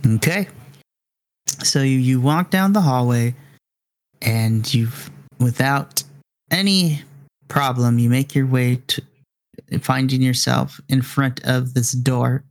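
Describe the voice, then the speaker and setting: A man narrating a tabletop game as game master, slow and deliberate as he sets scenes. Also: medium pitch, no echo, clean studio sound. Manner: drawn-out, deliberate narration with voiced characters.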